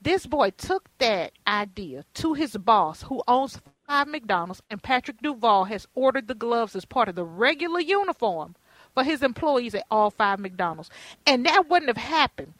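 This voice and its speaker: A woman's voice: fairly high pitch, normal speed, no room sound, rough recording. A middle-aged woman hosting a radio talk show, telling stories with playful emphasis. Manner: animated storyteller, playful and emphatic. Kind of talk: casual interview chat.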